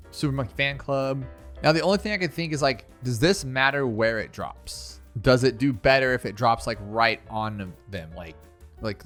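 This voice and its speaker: A man commenting casually on his own gameplay as a video host, thinking aloud and often exasperated. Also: mid-range voice. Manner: animated, exasperated, talks to himself.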